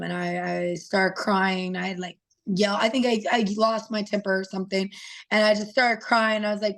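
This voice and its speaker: A woman in her thirties speaks as a guest on an interview show, telling stories about her children in a loose, conversational way. She slips into quoted voices and back out again, animated, with a fair share of fillers. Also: medium pitch, normal speed, vocal fry. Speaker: guest fighter. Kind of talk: casual interview storytelling.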